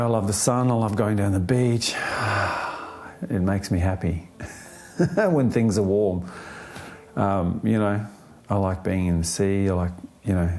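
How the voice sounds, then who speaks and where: A man answering an interview question in a thoughtful, unhurried way, often pausing with fillers and restarting his sentences, with a gently upbeat tone. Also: lowish voice, a little hiss or hum.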